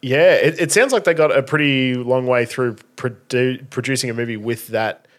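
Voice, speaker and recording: A man's voice: mid-range voice, moderate pace. A man co-hosting a podcast, chatting casually about songs with many fillers and restarts. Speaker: podcast co-host. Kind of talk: casual chat reviewing songs.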